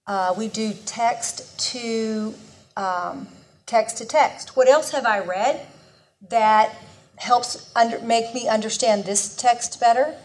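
A woman's voice: on the high side, takes it slowly. Earnest woman teaching a Bible lesson. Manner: earnest, conversational, often restarts mid-sentence.

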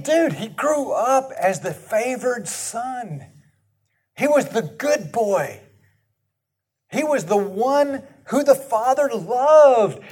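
A man's voice: high-pitched, slightly rough. A man in his sixties preaching a sermon in a conversational way, asking the congregation questions. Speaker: pastor.

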